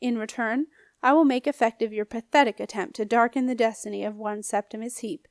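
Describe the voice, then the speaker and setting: A woman's voice: a little high, fairly even intonation, fairly quick, dry recording, close to an everyday voice. A woman reading an audiobook, voicing a scornful, menacing old male ghost with a snappish, growling manner. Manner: sneering, bullying.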